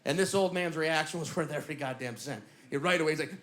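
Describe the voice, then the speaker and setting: A male stand-up comedian telling an animated, punchy story on a comedy club stage. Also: on the high side, quick pace, few pauses, some chatter behind, a little hiss or hum.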